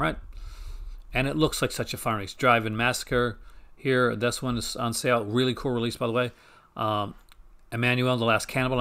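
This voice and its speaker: A man's voice: mid-range voice, a bit bright. Rambling casual man hosting a stream. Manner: rambling, self-correcting, enthusiastic. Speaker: host. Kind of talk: casual chat. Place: home.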